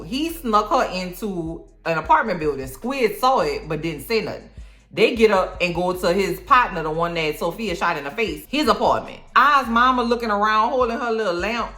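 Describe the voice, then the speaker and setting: Sassy, animated woman recapping a show. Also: fairly low pitch, normal speed. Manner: slangy, sassy, peppered with "okay?". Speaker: TV recap vlogger. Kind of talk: casual episode recap. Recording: echoey room with faint music.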